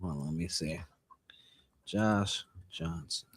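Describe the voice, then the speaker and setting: A man's voice: low voice, big pitch swings, takes it slowly, vocal fry. A man giving short, easygoing replies in a casual live video chat.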